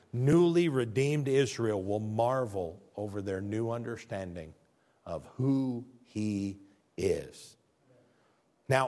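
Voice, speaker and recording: Male preacher, sermon, reads scripture aloud, drops quiet and low then climbs loud and high. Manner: reads scripture aloud in old-fashioned wording.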